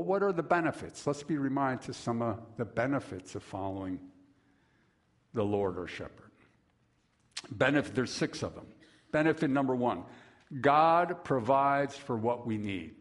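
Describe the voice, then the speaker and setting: A man preaching a sermon, slow and measured, with dramatic pauses and lively storytelling. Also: mid-range voice. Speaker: pastor.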